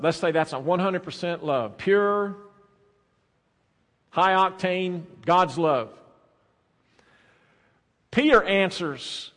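A man preaching a sermon as pastor, swinging between soft, drawn-out phrases and loud, emphatic bursts. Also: fairly high pitch. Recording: long reverb of a large hall.

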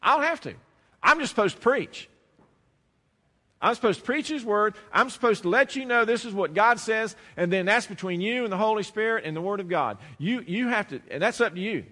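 A man preaching in a church, his bright, forceful voice sitting a little high for a man. He shifts from loud, emphatic declarations to low, intimate storytelling, and long reverb from the large sanctuary trails every phrase. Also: animated, brisk. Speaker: pastor. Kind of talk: sermon.

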